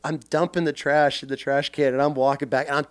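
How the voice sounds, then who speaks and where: Animated Marine veteran telling stories. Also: male voice, a little high, a little fast. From central Washington, USA. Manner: animated, reenacts scenes loudly. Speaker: podcast guest, Marine veteran. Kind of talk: casual storytelling.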